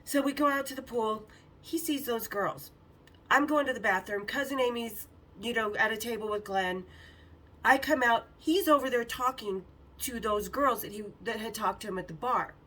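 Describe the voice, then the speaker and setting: A woman podcast host telling a story casually, animated and profane, acting out quotes. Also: on the high side, normal speed, recorded from a distance, poor audio.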